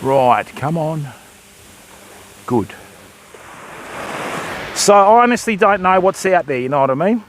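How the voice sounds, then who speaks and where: A man's voice: sits high, big pitch swings, normal speed, pauses often, background noise. An older Australian man hosting a fishing livestream from a beach, chatting casually and greeting viewers as mate and bud while he rigs and casts. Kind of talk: casual live-stream chat while fishing. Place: beach by the surf, outdoors.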